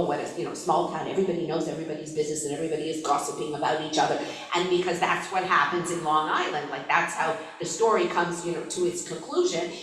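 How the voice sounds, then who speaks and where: A woman giving a casual, chatty book review, talking with plenty of fillers and little restarts. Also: lowish voice. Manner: chatty and animated, many fillers. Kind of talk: casual book review with read-aloud passages. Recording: very echoey room, voice from far off.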